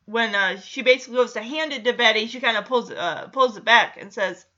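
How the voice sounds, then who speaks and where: A woman's voice: on the high side, brisk, pushed and bright, lo-fi sound. A woman recapping a TV episode in casual chat, with sarcastic asides and frequent laughs. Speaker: show recapper.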